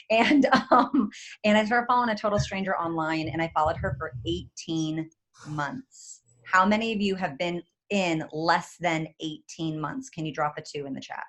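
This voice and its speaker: Excitable woman giving a motivational talk. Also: fairly low pitch. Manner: excitable, chatty, addresses audience directly. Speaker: guest speaker. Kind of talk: motivational talk on a video call. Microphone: video call.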